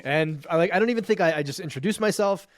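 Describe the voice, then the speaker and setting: A man telling a personal story as a podcast guest and men's coach, emphatic and profane, piling up quick lists. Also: high voice, no echo, studio quality. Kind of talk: animated storytelling in conversation.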